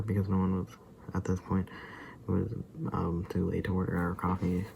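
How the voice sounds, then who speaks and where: A man rambling casually to camera in a vlog, often dropping into a soft whisper. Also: deep voice, monotone, normal speed, creaky, slight background noise, poor audio. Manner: loose and rambling, full of fillers and asides. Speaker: vlogger.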